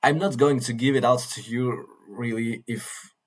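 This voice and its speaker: A man vlogging in a casual monologue, earnest and halting, often repeating and restarting his phrases. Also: medium pitch, a little hiss or hum, low-quality recording. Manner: earnest, mildly swearing.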